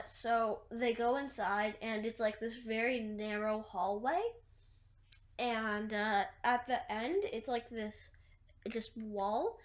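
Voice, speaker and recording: A woman casually retelling a movie plot, rambling through long chains of "and then" and fillers, with wry asides. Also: fairly high pitch. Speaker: movie recapper.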